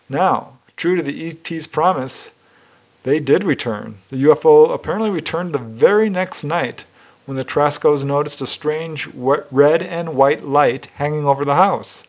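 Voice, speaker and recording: A man with a somewhat high voice tells a case story in a measured, deliberate way. His narration is steady and careful, like a researcher laying out the events in order.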